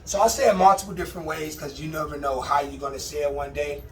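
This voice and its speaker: A man's voice: on the high side, steady tone, fast talker, fairly bright tone, a little hiss or hum. Laid-back man, roomy distant sound. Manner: laid-back, conversational, repeats dog commands. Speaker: dog owner training his puppy. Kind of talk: casual instructional vlog. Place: at home with his dogs. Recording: roomy, distant mic with faint ambience.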